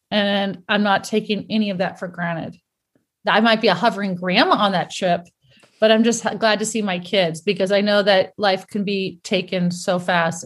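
A middle-aged woman from the United States, a guest in a casual interview, telling animated stories and laughing often. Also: medium pitch.

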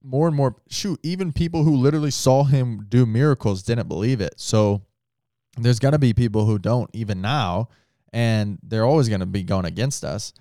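A man's voice: mid-range voice, moderate pace, dark tone, no room sound, clean studio sound. A man who is a pastor, talking casually and earnestly with lots of filler words. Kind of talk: casual podcast talk.

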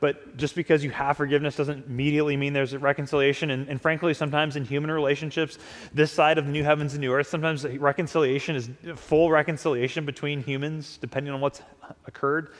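A man's voice: a little high, flat delivery, a little fast. A man preaching a conversational sermon, often acting out imagined dialogue. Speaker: pastor. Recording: long hall reverb.

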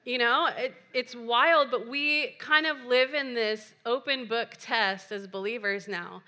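Bright-voiced woman pastor preaching. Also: fairly high pitch, unhurried. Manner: playful, chatty asides with laughter. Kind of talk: sermon. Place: church.

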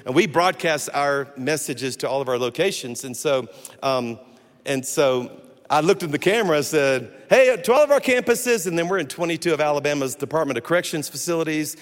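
Brief: male pastor, chatty storyteller from the pulpit, higher pitch, echoing church hall. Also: brisk. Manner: animated, jokey storyteller with many restarts. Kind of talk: storytelling sermon. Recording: echoey hall.

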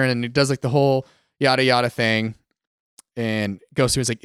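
A man, co-hosting a casual gaming podcast and retelling events in an animated way. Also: medium pitch, fairly quick, clean tone, no room sound, studio quality. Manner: animated storyteller, acts out quotes. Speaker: podcast co-host.

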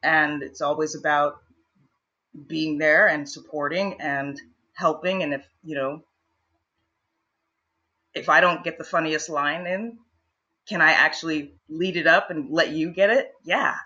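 Brief: woman guest, chatty storyteller, bright forceful voice, dull muffled recording. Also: low voice, unhurried, pauses often. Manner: chatty, many fillers and restarts. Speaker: guest, actress and improv performer. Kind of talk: casual storytelling interview.

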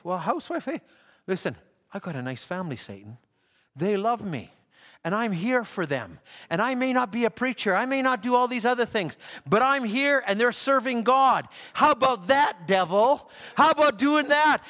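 A man preaching a sermon at a church service, emphatic and repetitive, building to shouts. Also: extremely high pitch. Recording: church hall with long reverb.

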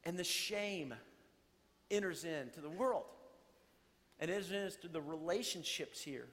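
High-voiced male pastor preaching. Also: measured pace, in a large hall. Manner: conversational, animated, chuckling asides. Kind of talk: sermon.

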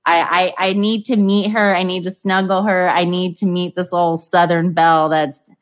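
A woman's voice: lowish voice, level tone, normal speed. A woman from Oklahoma co-hosting a podcast, talking in an enthusiastic, casual way. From Oklahoma, USA. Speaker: podcast co-host. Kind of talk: casual chat.

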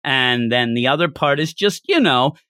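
A man's voice: medium pitch, animated, moderate pace, sharp tone, dry recording, studio quality. A man co-hosting a casual podcast about a manga, talking animatedly and acting out characters' lines in shifting voices. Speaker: podcast co-host.

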